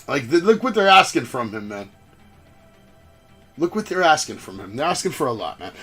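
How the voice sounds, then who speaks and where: A man hosting a wrestling podcast, recapping matches in casual, excitable talk full of swearing and acted-out quotes. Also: mid-range voice, moderate pace, slightly rough, faint music behind. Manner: profane, excitable, acts out quotes.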